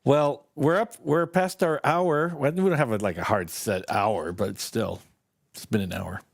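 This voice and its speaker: A man's voice: medium pitch, steady tone, measured pace, creaky, no echo, clean studio sound. An older man co-hosting a podcast, telling stories in a rambling way with laughs. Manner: rambling, laughing, self-correcting. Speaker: co-host. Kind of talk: casual storytelling.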